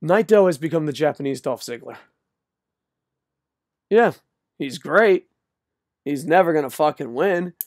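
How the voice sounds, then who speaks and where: A man's voice: fairly high pitch, expressive, measured pace, pauses often, no room sound, clean studio sound. An older man ranting, exasperated and sarcastic, with frequent profanity, in a solo video. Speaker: wrestling commentator.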